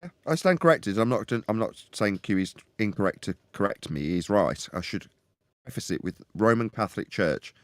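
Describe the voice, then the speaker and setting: A man's voice: on the low side, animated, normal speed, dry recording, studio quality. A man on a live-stream panel discussion, talking in a rambling, argumentative way with many restarts.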